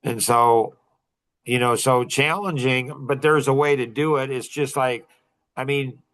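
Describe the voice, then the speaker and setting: Bright-voiced middle-aged man, rambling chat. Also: mid-range voice, fairly even intonation, measured pace. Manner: rambling, many fillers and restarts, laughs often. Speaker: podcast guest. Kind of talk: casual chat.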